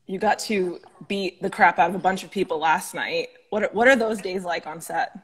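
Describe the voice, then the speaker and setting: Husky woman asking teasing questions. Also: lowish voice, moderate pace. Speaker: interviewer. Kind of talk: casual chat. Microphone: video call.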